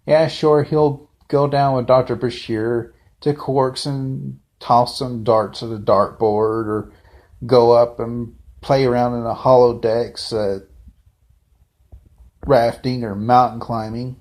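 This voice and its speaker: A man talks through a fan review at an unhurried, slow pace, in a mid-range voice. He rambles off the cuff, trailing into asides and restarting his sentences as he goes. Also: mid-range voice, fairly even intonation, a little mellow. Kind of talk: casual unscripted review.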